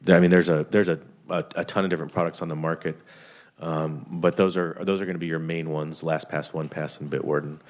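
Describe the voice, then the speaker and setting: A man's voice: low-pitched, level tone, fast. A man presenting an IT security training to a legislative committee, talking with many fillers and restarts.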